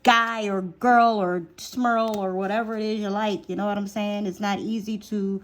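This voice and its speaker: A woman's voice: medium pitch, steady tone, normal speed. Chatty woman giving a tarot reading. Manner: chatty, repeats phrases for emphasis; drops to a whisper while drawing cards. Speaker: tarot reader.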